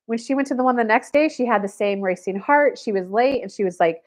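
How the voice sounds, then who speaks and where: A woman spiritual coach tells a story on her livestream and speaks of herself in the third person. She acts out each quoted person, so her voice jumps up and down with plenty of energy. Her voice sits a little higher than most women's. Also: a little fast, few pauses.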